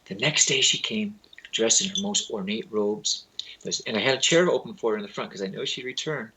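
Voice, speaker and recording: Interviewed as a spiritual teacher, a husky man with a fairly low pitch speaks a little fast over poor audio. He tells his lively anecdotes casually, performs the voices of those he quotes, and uses loose grammar.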